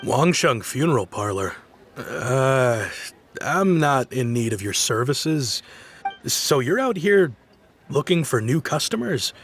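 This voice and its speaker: A man's voice: medium pitch, very animated, takes it slowly, faint music behind. A man voicing a busy, irritated townsman who brushes people off curtly. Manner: curt, dismissive.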